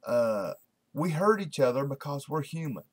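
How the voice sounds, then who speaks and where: A man's voice: medium pitch, sing-song, normal speed. A man talks straight to camera in a casual daily video blog. His delivery is folksy and repetitive, thick with fillers and false starts. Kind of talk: casual rambling monologue to camera.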